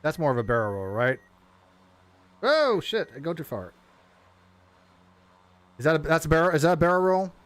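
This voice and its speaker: A man streaming a flight simulator, talking casually and rambling as he flies, often stumbling over his words and getting excited. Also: on the high side, brisk, long pauses. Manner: rambling, self-interrupting, excitable. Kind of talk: casual live gameplay commentary.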